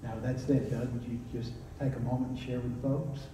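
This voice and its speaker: A man's voice: medium pitch, little pitch movement, normal speed, warm tone, slight background noise. A man with a Southern accent, a pastor speaking plainly and encouragingly to his church. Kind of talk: sermon and church announcements. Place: church sanctuary. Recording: echoey church, distant mic.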